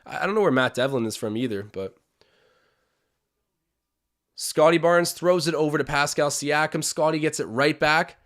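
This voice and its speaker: A man's voice: on the high side, moderate pace, pauses often, a bit bright. A young man hosting a live-stream watch-along, chatting opinions, calling plays and reading out viewer comments.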